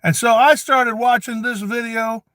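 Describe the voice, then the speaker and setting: A man's voice: extremely high pitch, fairly even intonation, unhurried, bright, forceful tone, no room sound, full character voice. A man voicing a preachy, forgetful old grandfather who rants, stammers and drifts into rambling asides in a satirical comedy monologue.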